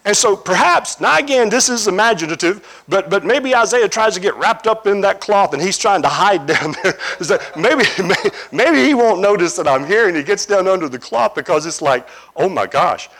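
A man preaching a sermon, retelling a scripture scene as an animated story with imaginative asides to his listeners. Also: high voice, moderate pace.

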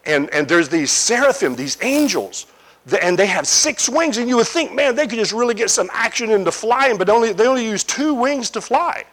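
A man preaching a sermon, retelling a scripture scene as an animated story with imaginative asides to his listeners. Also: sits high, moderate pace.

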